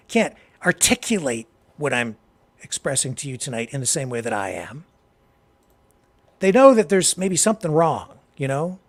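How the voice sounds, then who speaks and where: A Canadian man hosting a political talk show, delivering impassioned commentary that swings from low, quiet remarks to loud, emphatic outbursts. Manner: heated, addresses a co-host directly.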